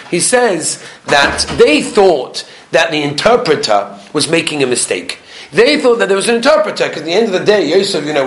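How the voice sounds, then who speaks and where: A man with a high voice gives a Torah class, his pitch swinging widely from line to line. He teaches in a lively, emphatic way and acts out each quoted speaker.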